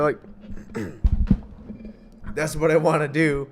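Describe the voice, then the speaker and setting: A man's voice: on the high side, slow, a little hiss or hum. A young man hosting a casual solo podcast, rambling and swearing with jokes, coughing now and then. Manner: rambling, profane, jokey. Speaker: podcast host.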